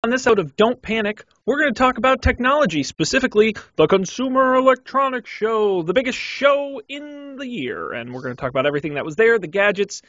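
Man, podcast host, high lively voice, playful jokey delivery, dry dull lo-fi audio. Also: dry recording. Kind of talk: casual podcast hosting.

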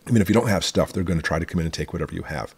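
A man's voice: deep voice, rapid-fire, creaky, husky. A man from Michigan hosting a casual prepping vlog, rambling through asides and firing questions at the viewer. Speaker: prepping channel host.

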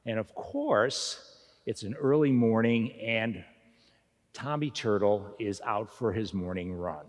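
A man, a pastor, gently telling a children's story and voicing a fish puppet. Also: lowish voice, slow. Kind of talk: children's message with puppet voices. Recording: echoey church hall.

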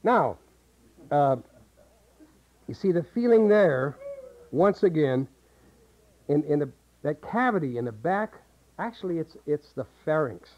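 A man's voice: on the high side, expressive, a little slow, long pauses, a little mellow. A man teaching a voice acting seminar, explaining and demonstrating vocal sounds to a group. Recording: tinny, muffled old seminar tape.

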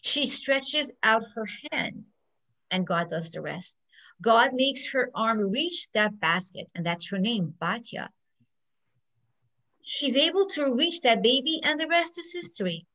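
Middle-aged woman judge, lively storyteller, inspirational talk. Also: on the high side, a little slow, low-quality recording. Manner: animated storyteller who acts out quotes. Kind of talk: inspirational speech with stories.

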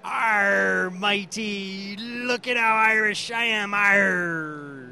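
A man putting on a bad mock Irish brogue that comes out as a growling pirate, with drawn-out "arr" exclamations. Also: high voice, vocal fry, pushed and bright, pitched above the performer's own voice, heavily acted. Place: outdoor festival.

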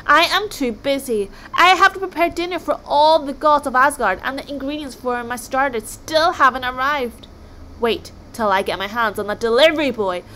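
A woman's voice: on the high side, normal speed, fairly bright tone, slight background noise, natural voice. A woman voicing a busy, snappish male sea god who cooks for the gods. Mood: impatient. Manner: snappish, fussy.

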